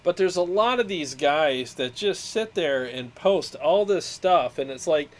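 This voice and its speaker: A man co-hosting a casual livestream chat, joking and laughing easily. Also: a little high. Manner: joking, animated, quick laughter. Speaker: co-host of a gear livestream.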